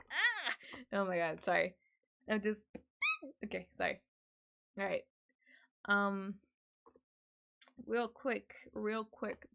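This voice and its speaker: Low gravelly-voiced young woman streamer. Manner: chatty, swears a lot, laughs often. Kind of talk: casual chat.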